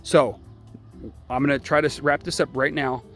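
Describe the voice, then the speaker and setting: A man working as a dog trainer, explaining step by step in a relaxed, unscripted way and often stopping with a checking "okay?". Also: mid-range voice, normal speed, soft background music. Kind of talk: casual filmed training demonstration. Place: outdoors by a puppy pen.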